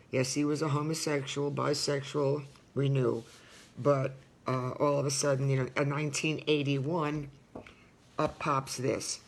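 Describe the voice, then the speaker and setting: Older woman earnestly reading her memoir. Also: a bass voice. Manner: earnest, marks dialogue by saying quote and end quote. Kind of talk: reading a personal memoir aloud with spoken asides.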